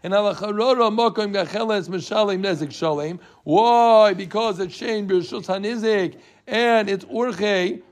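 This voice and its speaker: High-voiced man teaching a Talmud class. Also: unhurried, few pauses. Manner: explains with Yiddish-inflected Yeshivish terms, quizzes students.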